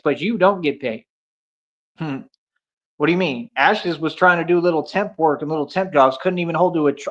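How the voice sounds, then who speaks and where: A man's voice: fairly high pitch, a bit bright. Combative man on lo-fi stream. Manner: combative, repetitive, taunting with slang. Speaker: livestream debate host. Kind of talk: confrontational livestream argument. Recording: dull lo-fi stream audio.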